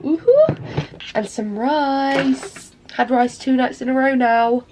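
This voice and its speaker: A young woman with a slightly high voice and a blocked, stuffy nose tells rambling, sweary stories straight to camera. She sounds casual and chatty, recorded at home with a faint hiss underneath. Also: steady tone, slow pace. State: congested with a cold. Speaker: vlogger.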